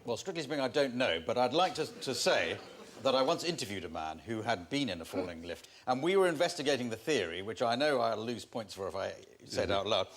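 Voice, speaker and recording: A man's voice: medium pitch, animated, brisk, faint music behind. Hesitant, rambling man panelist. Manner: hesitant, rambling, self-deprecating. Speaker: comedy panelist.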